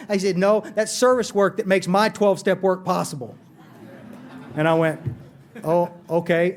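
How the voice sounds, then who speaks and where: A man speaks to a recovery conference in a voice pitched well above most men's. He tells his story in an earnest, self-mocking way. His sentences often stall and start over. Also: steady tone, normal speed. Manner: earnest, self-deprecating storyteller with frequent restarts. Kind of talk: recovery meeting talk, storytelling. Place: conference hall.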